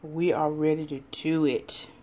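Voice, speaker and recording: A woman's voice: low voice, flat delivery, unhurried, mellow. A woman, chatting casually with viewers in a folksy cooking and eating vlog from her home kitchen. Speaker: cooking vlogger.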